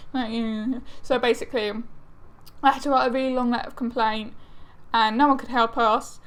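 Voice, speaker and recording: A woman's voice: on the high side, steady tone, brisk. A young woman vlogging casually to camera, chatty and exasperated, with lots of fillers.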